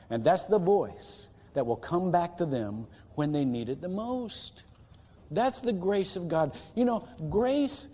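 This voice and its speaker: A man's voice: on the high side, dark tone. A man preaching a sermon as pastor, earnest and emphatic, with repeated phrases and restarts. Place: church sanctuary. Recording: church hall reverb.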